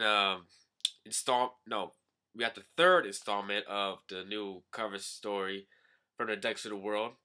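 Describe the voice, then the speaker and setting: Young guy doing a casual manga recap, bright sharp voice, goofy with it. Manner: animated, jumps into loud high-pitched shouted character voices. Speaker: manga review host.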